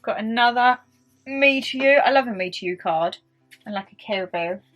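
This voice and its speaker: A young woman from England vlogging at home, chatting excitedly and gushing over gifts. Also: fairly high pitch, moderate pace, highs cut off, faint music behind. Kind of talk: casual chat.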